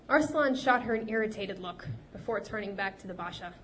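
A woman narrating an audiobook in a measured, expressive storytelling manner. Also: medium pitch, slight background noise.

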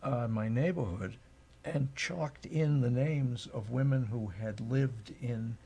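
A man's voice: medium pitch, slow pace, gravelly, dark tone, breathy edge. A man on a radio talk show telling a story from memory. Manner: reminiscing, anecdotal. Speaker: studio guest.

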